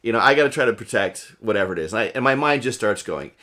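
Rambling, emotional New man, low voice. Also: expressive, quick pace, pushed and bright. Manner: rambling, emotional, laughs often, many restarts. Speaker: podcast co-host. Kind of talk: casual storytelling chat.

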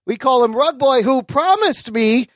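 Brief: male podcast host, high and lively voice, brash, jokey, swears. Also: unhurried, no room sound, studio quality. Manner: energetic, joking, swears freely. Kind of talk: casual chat.

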